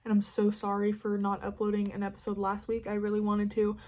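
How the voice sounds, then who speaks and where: A woman's voice: medium pitch, completely flat delivery, a little fast. A young woman from California with a Californian American accent, hosting a casual solo podcast and rambling candidly with plenty of swearing. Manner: rambling, candid, sweary, dramatic swings in loudness. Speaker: podcast host.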